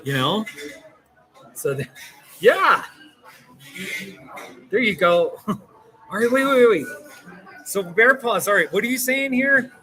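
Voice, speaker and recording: A man's voice: high-pitched, lively intonation, slow pace, long pauses, sharp tone, rough recording. A man talking to the camera in a casual vlog, rambling and self-mocking and laughing often, outdoors in a small mountain town. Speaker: vlogger.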